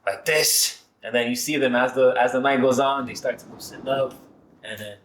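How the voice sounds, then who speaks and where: A man who leads a men's support circle, telling stories in an animated way in a casual podcast conversation. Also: medium pitch, moderate pace, slight background noise. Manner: animated storyteller. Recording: echoey room.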